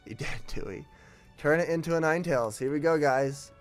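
A man commentating on his gameplay at home, with his children beside him, often bursting into joyful shouts. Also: fairly high pitch, brisk, faint music behind. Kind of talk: casual let's-play commentary.

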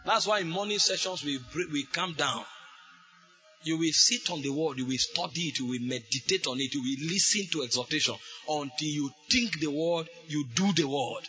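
Fervent preacher man, bright voice. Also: fairly high pitch, normal speed. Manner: fervent preaching with sudden shouted bursts. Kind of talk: sermon.

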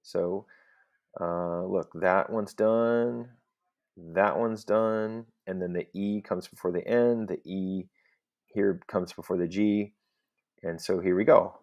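A man's voice: sits low, fairly even intonation, slow, a little mellow. A man teaching a recorded Latin lesson, explaining step by step in a patient voice and often checking in with "okay?".

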